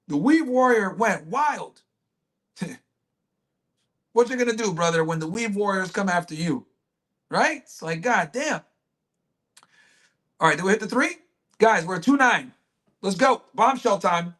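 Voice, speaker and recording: Crude streamer guy chatting with viewers, swears constantly, voice on the high side. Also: lively intonation, measured pace, pauses often, a bit bright. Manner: brash, crude, swears a lot, talks to chat. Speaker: livestream host. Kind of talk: casual livestream chat.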